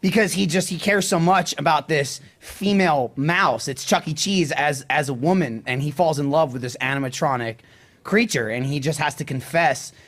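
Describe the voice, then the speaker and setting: A man improvising a movie pitch as an eager storyteller. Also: moderate pace, fairly bright tone. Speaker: improv player.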